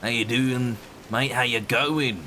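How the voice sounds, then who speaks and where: A man's voice: mid-range voice, fairly even intonation, takes it slowly, pushed and bright, a little hiss or hum. A man doing a put-on Australian accent, playing a matey young bloke full of folksy slang. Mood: chummy. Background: game music.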